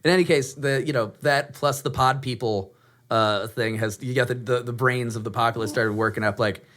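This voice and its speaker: A man's voice: mid-range voice, normal speed. A man in his thirties co-hosting a casual podcast, rambling and swearing as he talks. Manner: rambling, profane, lively. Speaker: podcast co-host. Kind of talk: casual chat.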